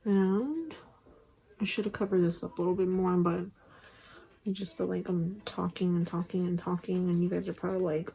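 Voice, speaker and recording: A woman's voice: on the low side, fairly even intonation, moderate pace, creaky, warm tone, husky, poor audio. A young woman chatting casually through a makeup tutorial, rambling with lots of fillers, recorded on a phone at home. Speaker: beauty vlogger. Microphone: phone camera.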